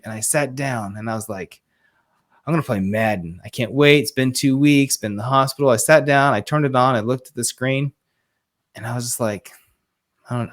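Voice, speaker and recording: Man, 30s, earnest podcast guest, emphatic storyteller, mid-pitched voice. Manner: earnest, emphatic, quotes others in dialogue. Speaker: guest, fatherhood coach.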